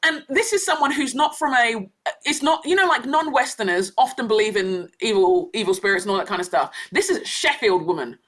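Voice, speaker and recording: Woman guest, storyteller; higher voice, bright and animated, laughs a lot. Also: fairly quick. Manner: animated, laughing often, acts out the people she quotes. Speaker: guest, church leader. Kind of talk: storytelling in a podcast interview.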